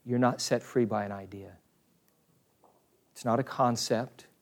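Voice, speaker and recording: A man preaching a sermon in an earnest, emphatic way, slowing down on key phrases and turning to the congregation with conversational asides. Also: mid-range voice, fairly even intonation.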